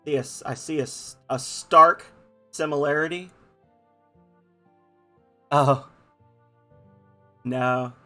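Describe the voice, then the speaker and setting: Here a man with a fairly high, bright, forceful voice speaks slowly, with long pauses and fairly level intonation. Hosting a game playthrough, he voices each character playfully and mocks his own reading over faint background music.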